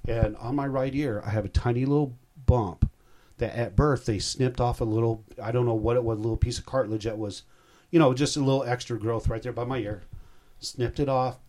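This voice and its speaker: A man's voice: mid-range voice, steady tone, a little fast, dark tone. A man in his sixties, a guest recounting a personal story in a rambling, heartfelt way. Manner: rambling, heartfelt, self-interrupting.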